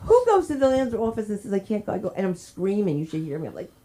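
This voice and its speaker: A woman from New Jersey hosting an open mic night, doing stand-up bits between introductions, laughing often and shouting during stories. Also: mid-range voice, sing-song, fast, few pauses. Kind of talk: stand-up comedy and emceeing.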